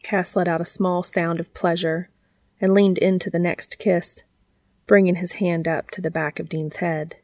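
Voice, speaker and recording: A woman reading fiction aloud in a soft, unhurried, intimate way. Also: lowish voice, level tone, dry recording.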